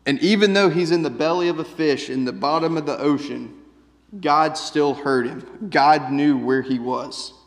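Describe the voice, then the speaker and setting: A man's voice: on the high side, normal speed. A man preaching a sermon in a casual, conversational way, often checking in with "right?". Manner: conversational, keeps asking "right?". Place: church sanctuary. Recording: long reverb of a church hall.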